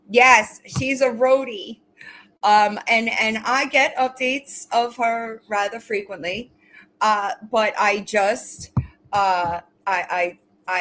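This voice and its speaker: On a rough recording with a little hiss or hum, a woman with a medium, somewhat bright voice runs a casual livestream. She swears at and bluntly ridicules her commenters, then turns to gush over her pets in baby talk, talking directly to viewers.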